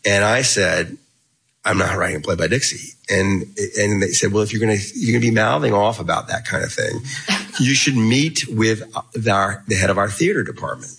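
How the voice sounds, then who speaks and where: A middle-aged man telling an animated anecdote as an interview guest, acting out the dialogue as he goes. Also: fairly low pitch, normal speed, gravelly, husky, low-quality recording. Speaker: guest author. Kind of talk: casual storytelling in an interview.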